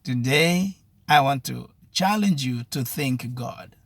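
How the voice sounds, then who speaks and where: A man's voice: medium pitch, animated, slow pace, creaky, no room sound. A man giving a devotional sermon with earnest, repetitive exhortation. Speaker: preacher.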